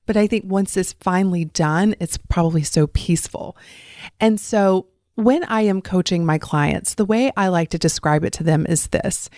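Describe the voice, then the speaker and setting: A lower-voiced woman with a faint Southern American accent talks straight to her listeners in an earnest, encouraging solo podcast monologue. She speaks as a life coach. The recording is close and dry, with no room sound around her. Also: normal speed, darkish tone, dry recording. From Southern United States.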